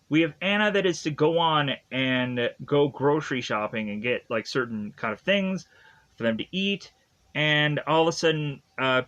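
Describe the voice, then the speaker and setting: A movie reviewer's slightly high, somewhat bright voice comes through dull audio as he chats his way through a film's plot. Rambling and full of "like" and "is to," he keeps laughing at the story.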